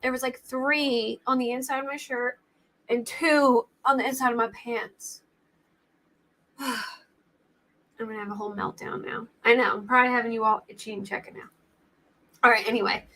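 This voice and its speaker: A woman's voice: on the high side, fairly bright tone. A young adult woman hosting a true crime livestream, chatting casually in a rambling, flustered way and laughing easily.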